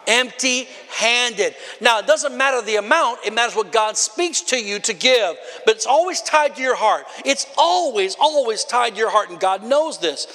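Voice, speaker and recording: A man delivers a fiery sermon in a strikingly high, bright voice, shouting out his points and calling for answers from the pews. His words echo with a long tail through a large church hall. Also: expressive, moderate pace, few pauses. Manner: emphatic, often shouting, calls on the congregation. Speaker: preacher.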